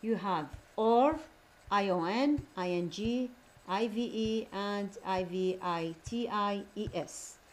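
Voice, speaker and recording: Woman, English lesson, unhurried drawn-out delivery, repeats each word. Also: mid-range voice, rough recording. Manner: slow, repeats each word several times; switches to Arabic to explain terms. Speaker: English teacher. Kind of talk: recorded classroom lesson.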